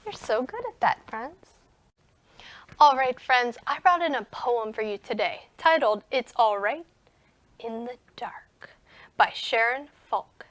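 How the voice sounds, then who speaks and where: A young woman teaching a recorded music lesson to young children, gentle and encouraging. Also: fairly high pitch, lively intonation. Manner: gentle and encouraging, speaks slowly to young children, sings and whispers in parts.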